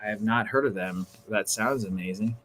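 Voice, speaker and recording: A man hosting a casual livestream, chatting excitedly and tossing in slang like "dude" and "bro". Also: lowish voice, normal speed, slight background noise. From Northern California. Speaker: livestream host.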